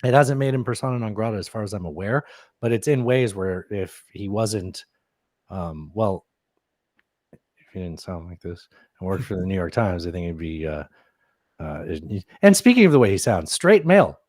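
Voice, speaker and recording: A male podcast host with a lowish voice chats casually and cracks wry jokes, letting his pitch swing widely. His voice is recorded dry and close, with no room sound. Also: lively intonation, a little mellow, no echo. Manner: wry, joking, drawn-out pauses. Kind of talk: casual chat.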